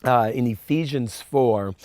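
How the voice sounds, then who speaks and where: A man giving a storytelling sermon to young listeners, animated with fillers and repeats, dropping soft and quiet for reflection. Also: medium pitch, unhurried, no room sound, studio quality. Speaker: camp speaker.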